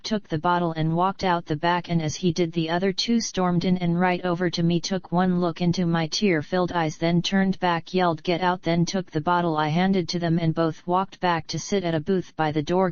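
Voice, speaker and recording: A woman narrates her own novel in a blunt, profane, rambling first-person voice. Her voice is low and smooth. The recording is dry and slightly dull, with no room sound. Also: no echo. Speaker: audiobook reader and author.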